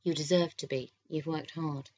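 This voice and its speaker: A flirtatious, quietly confident boss who teases in a soft voice, read by a woman narrating a romance audiobook. The voice sits low, with an easy, unhurried charm. The sound is slightly dull and lo-fi. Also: fairly even intonation. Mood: teasing.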